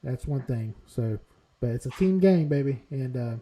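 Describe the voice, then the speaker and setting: A man's voice: mid-range voice, lively intonation, moderate pace, mellow, a little hiss or hum, rough recording. A man hosting a casual sports podcast, upbeat and laughing often as he banters. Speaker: podcast host.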